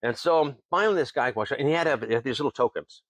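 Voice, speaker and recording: Talking rapid-fire at medium pitch, this Tenino, Washington distillery owner tells folksy stories as a guest in a casual interview. He chuckles between lines and lively acts out other people's words, and there's no room sound.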